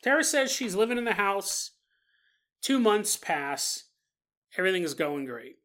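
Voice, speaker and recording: A podcast co-host with a voice on the low side and a bit bright tells a story casually. Her storytelling is chatty and sprinkled with joking asides.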